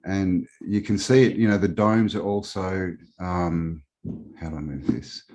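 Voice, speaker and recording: Deep-voiced Australian man, rambling. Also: steady tone, measured pace, a little mellow, highs cut off. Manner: rambling, hesitant with many fillers. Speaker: guest. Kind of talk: casual live-stream chat.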